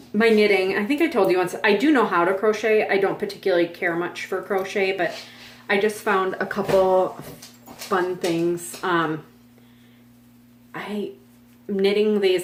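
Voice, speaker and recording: A woman in her forties with a fairly low-pitched voice chats casually as a vlog host from her home on a farm, the sound reverberant. Her talk rambles and is full of fillers.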